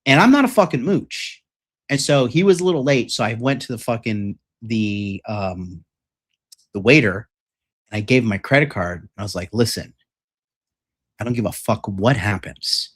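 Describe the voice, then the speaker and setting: Young guy ranting on a livestream, swears constantly, rambly, lots of likes and you knows, medium pitch. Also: expressive, moderate pace. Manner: profane, blunt, rambling with frequent fillers. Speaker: dating coach host. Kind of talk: livestream rant.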